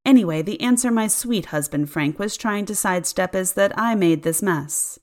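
A woman's voice: medium pitch, moderate pace, natural voice. A woman voicing a steely, blunt wife. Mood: firm. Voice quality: firm, even, cutting.

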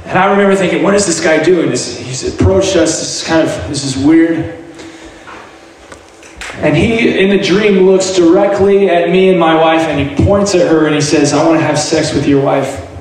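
Man, faith testimony, earnest and halting, slightly high voice, very echoey room, distant mic. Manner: earnest, halting storytelling with frequent restarts. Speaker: guest sharing testimony. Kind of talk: personal testimony. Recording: very echoey room, heard from a distance, light noise.

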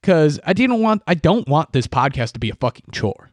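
A man's voice: on the high side, sing-song, moderate pace, darkish tone, dry recording. A young man hosting a solo podcast, ranting in a rambling way and swearing often. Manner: profane, rambling and ranty. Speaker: podcast host. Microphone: podcast microphone.

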